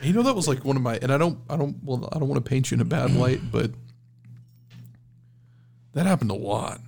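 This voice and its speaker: Gravelly man chatting and teasing. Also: mid-range voice, expressive, fairly quick, a little mellow. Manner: teasing, joking, laughs along. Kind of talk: casual chat.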